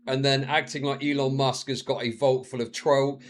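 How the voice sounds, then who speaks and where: A man's voice: moderate pace, slight background noise. A man streaming live, reacting to a video with profane, mocking commentary. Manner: profane, mocking, slips into shrill mimicking voices.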